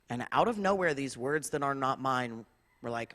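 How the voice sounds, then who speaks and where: A woman's voice: a bass voice, normal speed, fairly bright tone. A woman rabbi giving an impassioned sermon, building long rhythmic lists with rising emphasis and telling personal stories. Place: large spiritual center hall. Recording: long hall reverb.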